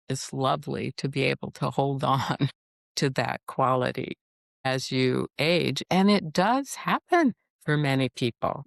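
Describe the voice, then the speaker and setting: A middle-aged woman psychologist speaks as a podcast guest, taking her time over each thought. Her voice has a gravelly edge and an unhurried, measured pace. The recording is close and dry, with no room sound. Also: a bass voice, dry recording. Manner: calm, measured explaining. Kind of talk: podcast interview.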